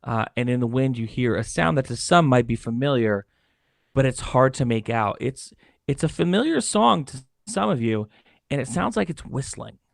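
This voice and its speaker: Hoarse game master narrating. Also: male voice, medium pitch, expressive, dry recording, studio quality. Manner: halting, many fillers and restarts. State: hoarse, losing his voice.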